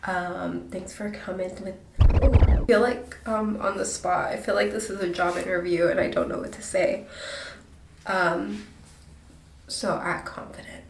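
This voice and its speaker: A woman's voice: lowish voice, steady tone, a little slow, vocal fry, echoey room, distant mic, music in the background. A congested young woman with a stuffy nose, chatting and apologizing her way through a casual get-ready-with-me vlog at home. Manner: chatty, self-deprecating, apologetic. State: breathing hard. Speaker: beauty vlogger.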